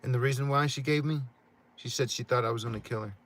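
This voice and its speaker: A man's voice: medium pitch, fairly even intonation, fast, a bit bright. A middle-aged man in casual chat, swearing often and restarting his sentences again and again. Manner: profane, rambling, many restarts. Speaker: livestream co-host.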